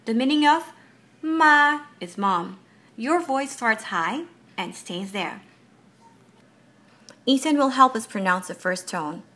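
Bright-voiced mother teaching tones. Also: medium pitch. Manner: slow, careful explanations with drawn-out example syllables. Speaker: parent teaching Mandarin tones. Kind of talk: home language lesson.

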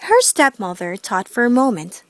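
Expressive woman reading a storybook. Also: on the high side, moderate pace, no echo. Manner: expressive, sing-song reading. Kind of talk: storybook read-aloud.

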